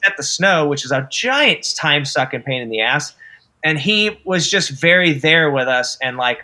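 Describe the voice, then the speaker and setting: Bright, sharp-voiced man, enthusiastic and profane. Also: a little high, expressive, brisk. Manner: enthusiastic, profane, acts out quotes. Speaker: film director guest. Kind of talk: casual interview chat.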